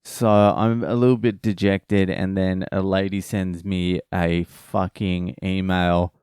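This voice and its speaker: A man tells a story in a relaxed vlog, dropping curses and retelling who said what. His voice is low-pitched and smooth. He talks at an unhurried pace. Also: dry recording, clean studio sound. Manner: swears freely, retells conversations. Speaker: vlogger.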